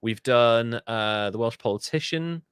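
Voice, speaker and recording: A man's voice: medium pitch, unhurried, fairly bright tone, clean tone. A man from England, co-hosting a podcast in casual, jokey chat and swearing freely. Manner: swears freely, jokey, mimics people in silly voices. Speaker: podcast co-host.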